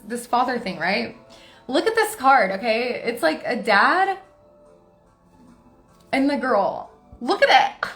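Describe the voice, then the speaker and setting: Brief: a high-voiced woman, a tarot reader, forceful and excitable, recorded in a roomy space with faint music. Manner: forceful and excitable, laughs often. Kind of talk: casual tarot reading to camera.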